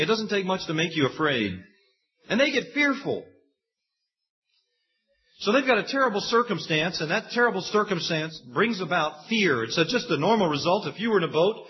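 A man preaching a sermon, telling Bible stories with lively acted-out quotes. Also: sits high. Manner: animated storytelling preacher, acts out quoted voices. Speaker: pastor. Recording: dull lo-fi sound.

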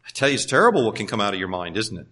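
A pastor delivers a sermon with lively energy, his fairly low voice racing as it swings from loud emphasis to hushed tones. He sprinkles in folksy, humorous asides.

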